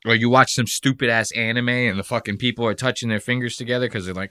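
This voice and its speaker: A man's voice: medium pitch, fairly even intonation, fast, pushed and bright, smooth, no echo, clean studio sound. A man hosting a podcast, ranting in a casual, profane and mocking way. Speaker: podcast host. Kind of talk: casual comedic podcast rant.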